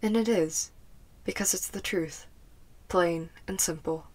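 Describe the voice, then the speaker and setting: A woman narrates a fan fiction audiobook with a soft, even delivery. Her voice sits a little low for a woman. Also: a little slow. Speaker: podfic reader. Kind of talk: scripted narration.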